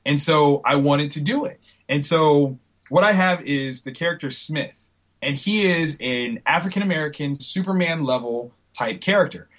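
A comic book creator talks in a casual interview, lively and animated. His voice sits fairly high for a man. He slips into other voices as he tells stories. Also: normal speed. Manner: animated storyteller, acts out quotes.

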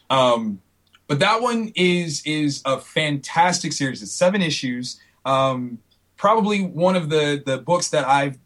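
A man, a comic book creator, chatting casually in an interview as an animated storyteller who acts out the people he quotes. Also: mid-range voice.

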